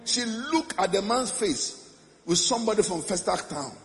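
Animated young preacher, high voice. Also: male voice, normal speed, in a large hall, over music. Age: young adult. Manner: animated, rising to shouts and song. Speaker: pastor. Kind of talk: storytelling sermon.

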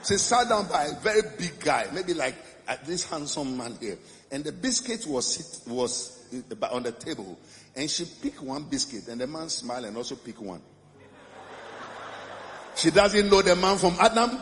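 A young man, preaching a storytelling sermon, animated and rising into shouts and song in a church. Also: medium pitch, normal speed, big-room sound, a little hiss or hum. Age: young adult. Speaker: pastor.

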